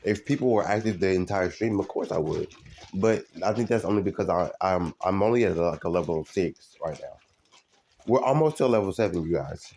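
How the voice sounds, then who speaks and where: A man live streaming, talking casually to his viewers in a halting way, full of ums and restarts. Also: low voice, a little mellow. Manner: halting, many fillers and restarts.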